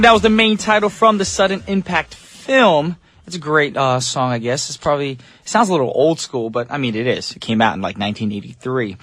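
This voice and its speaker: A man's voice: medium pitch, fairly bright tone. A man hosting a radio show as DJ, talking in a casual, upbeat, chatty way with loose fillers, from a studio microphone.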